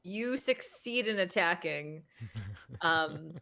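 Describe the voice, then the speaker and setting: A woman with a somewhat low voice guides the players through the scene as game master. She talks in a halting, unscripted way, restarting phrases and filling gaps with ums. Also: lively intonation, creaky, sharp tone. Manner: hesitant, many fillers and restarts. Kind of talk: narrating a tabletop game.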